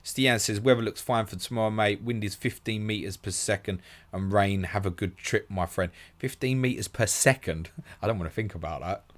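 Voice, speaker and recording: Reading out viewers' questions one by one and then responding, this podcast host keeps a live Q&A stream moving. His voice is low, and his manner is brisk and friendly, like talking to a mate.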